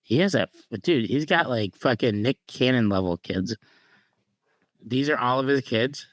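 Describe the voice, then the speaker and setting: A man co-hosting a podcast in casual chat, cracking profane deadpan jokes. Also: mid-range voice, unhurried, no room sound. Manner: joking, profane, deadpan asides. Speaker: podcast co-host.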